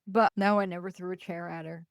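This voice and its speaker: A woman hosting a podcast, telling stories in a lively, animated way and acting out the voices of the people in them. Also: on the low side, brisk, creaky, dry recording, clean studio sound. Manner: animated, acts out quoted voices. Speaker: podcast host. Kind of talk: casual storytelling.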